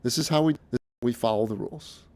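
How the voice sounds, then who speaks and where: A middle-aged man talking in a casual, unscripted monologue, earnest and halting, often restarting his sentences. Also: mid-range voice, darkish tone. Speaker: speaker recounting his experiences.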